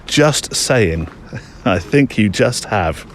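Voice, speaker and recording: A man's voice: fairly low pitch, expressive, extremely slow, a little hiss or hum. A British man hosting a podcast, reading listener mail aloud in a casual, chatty way with joking asides. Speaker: podcast host.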